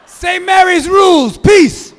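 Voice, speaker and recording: A man playing a showy rock-star priest who shouts a sign-off to his crowd. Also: very high voice, slow pace, voice pushed up, heavily acted. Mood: hyped. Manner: shouted, rally-style sign-off. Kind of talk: stand-up character bit.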